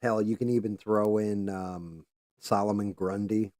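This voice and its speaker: A man's voice: on the low side, fairly even intonation, measured pace, dark tone, dry recording. A man hosting a casual livestream, rambling and swearing freely as he chats while doing careful handwork. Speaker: livestream host.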